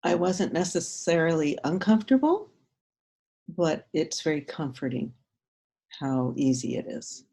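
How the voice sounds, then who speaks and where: A woman on a video call speaks very slowly in a lowish voice. She shares her feelings tenderly and haltingly during a workshop exercise. Her words come with long, thoughtful pauses. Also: big pitch swings, dark tone. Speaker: workshop participant. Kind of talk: slow, heartfelt sharing in a training exercise.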